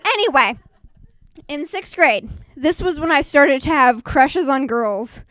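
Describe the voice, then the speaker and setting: A teenage girl performing a self-mocking stand-up comedy set at an open mic, bursting into loud acted quotes. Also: high voice, animated, slow, no room sound, studio quality. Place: small live performance venue.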